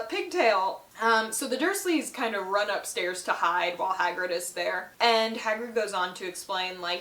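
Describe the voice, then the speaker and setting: A woman's voice: mid-range voice, a bit bright. A woman giving a casual, chatty book recap and leaning on the filler "like". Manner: chatty, heavy use of "like". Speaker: book reviewer. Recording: roomy echo.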